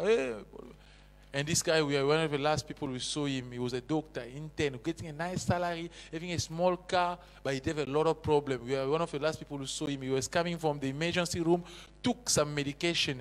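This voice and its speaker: Impassioned high-voiced preacher in echoey hall. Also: male voice. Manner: impassioned, swings between loud exhortation and hushed intensity; non-native English with broken grammar. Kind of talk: sermon. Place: church hall.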